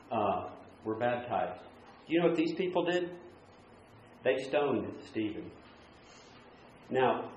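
A male preacher in full sermon mode, pressing his points hard and then dropping to quieter asides. His voice sits in a middle register. The recording is muffled and lo-fi. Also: medium pitch, roomy sound, slight background noise. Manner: animated, swings from loud emphasis to quiet asides. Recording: dull lo-fi recording.

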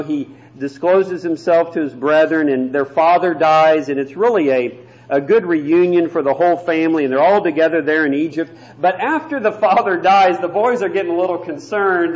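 A man preaching an evening sermon, emphatic and slowing down to stress key phrases. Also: on the high side. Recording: dull lo-fi recording.

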